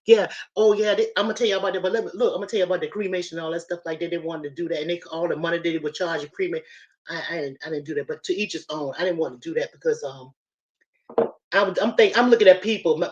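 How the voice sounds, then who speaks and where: A woman's voice: fairly low pitch, a little mellow, lo-fi sound. Chatty woman live streaming from home. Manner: chatty, profane, addresses viewers as y'all. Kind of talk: casual live stream storytelling. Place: at home, moving from kitchen to living room. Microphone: laptop on a live stream.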